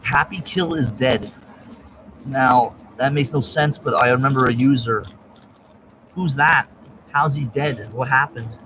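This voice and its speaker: A man's voice: mid-range voice, measured pace, pauses often, bright, forceful tone, low-quality recording. Muttering man with road noise behind. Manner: erratic, profane, jumps between topics. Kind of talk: rambling solo monologue.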